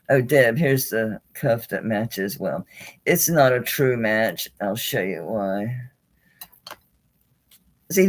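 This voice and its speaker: A woman hosts a live jewelry auction stream, showing off and pricing items as she goes. Her pitch bounces up and down in a lively, animated way, and her casual talk is peppered with mild swearing. She sounds a bit worn out. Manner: chatty and salty, with frequent mild swearing; animated, talking while handling and showing items. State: tired and yawning late in the stream.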